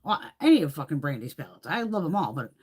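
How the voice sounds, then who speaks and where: Chatty middle-aged lady on a makeup livestream, lowish voice that jumps all over, swears a lot. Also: quick pace, slightly rough. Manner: chatty, swears freely, animated storytelling. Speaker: beauty livestream host. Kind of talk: casual livestream chat.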